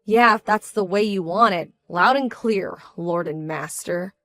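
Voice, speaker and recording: A woman's voice: mid-range voice, sharp tone, no echo, soft background music, close to an everyday voice. A woman playing a hurt, indignant bride-to-be. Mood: cold. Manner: indignant, measured, cold. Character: young bride-to-be, hurt and proud, quietly fierce. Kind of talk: scripted story drama.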